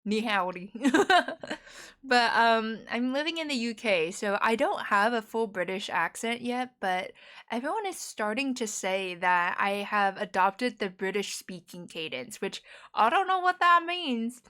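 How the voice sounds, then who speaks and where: A woman's voice: a little high, lively intonation, unhurried, bright, forceful tone. Giggly, chatty American woman. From United States. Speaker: streamer. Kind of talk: casual chat.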